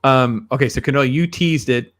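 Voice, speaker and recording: A man's voice: medium pitch, fairly quick. A man hosting a casual podcast chat, laid-back and chuckling as he reacts and asks questions. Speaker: host.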